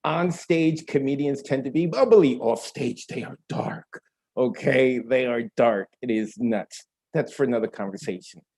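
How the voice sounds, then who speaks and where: A man's voice: mid-range voice, moderate pace, hardly any pauses. Easygoing man hosting an online open mic. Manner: energetic, slangy, talks to the audience directly. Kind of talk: casual hosting banter. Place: home, video call. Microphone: video call.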